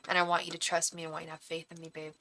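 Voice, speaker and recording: An emotional young woman on a live tarot stream, her voice bright and rather low-pitched. She talks earnestly and defensively to her viewers, stumbling and restarting as she goes. She keeps calling them babe and honey. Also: completely flat delivery, racing, rough recording. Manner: earnest, defensive, reassuring, many restarts and stammers; calls viewers pet names like babe and honey. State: emotional, heart racing.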